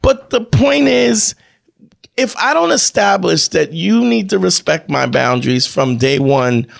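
Man, podcast guest, emphatic, repeats phrases, raised pitch, gravelly rasp. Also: lively intonation, measured pace. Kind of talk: casual opinionated chat.

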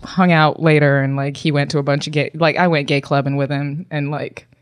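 Animated woman telling stories, dry sound. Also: sits low, fairly quick, clean tone, dry recording. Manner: animated storyteller, acts out quoted voices. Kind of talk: casual chat, storytelling.

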